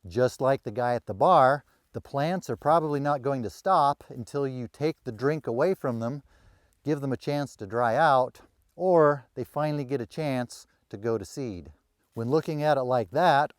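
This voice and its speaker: A man's voice: medium pitch, no echo, clean studio sound. A middle-aged man, a rural landowner, narrating casually with wry, self-deprecating humor. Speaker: rural landowner and video creator.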